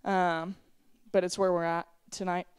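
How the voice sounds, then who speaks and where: A man's voice: high voice, level tone, measured pace, clear, resonant tone. A young man giving a casual youth sermon on a handheld mic, telling stories in a chatty, self-deprecating way with lots of "like" and "right?". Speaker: youth speaker. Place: youth service room.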